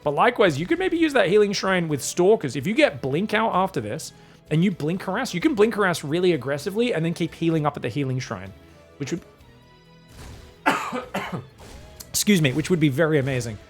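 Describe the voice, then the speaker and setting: High-voiced excitable male caster, mock-British accent. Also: brisk, soft background music. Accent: put-on British over Australian. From Australia. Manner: excitable, jokey, bursts into loud high exclamations. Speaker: esports caster. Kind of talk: live game commentary.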